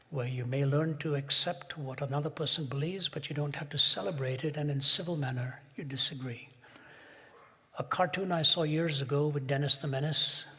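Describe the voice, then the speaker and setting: A man's voice: on the high side, fairly bright tone, slightly rough. A man giving a public lecture, rhetorical and building to emphatic peaks, recorded in a large auditorium. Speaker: speaker. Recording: long reverb in a big hall.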